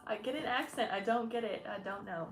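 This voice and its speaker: A woman's voice: medium pitch, a little fast, reverberant. A woman in her twenties from Michigan hosting a casual livestream chat as an energy healer. She talks chattily and effusively, laughing often and thanking viewers. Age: 20s.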